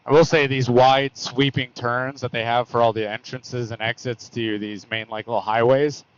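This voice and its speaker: An American motorcycle vlogger talks casually as he rides on open roads, rambling, correcting himself, and using lots of fillers. His voice is medium-pitched and flat, his pace moderate, and his tone clean, though the recording sounds lo-fi.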